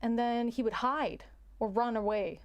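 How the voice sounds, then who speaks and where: A young adult woman who works as a teacher tells a story casually and haltingly, frequently repeating words and letting out sighs. Her voice sits a little high.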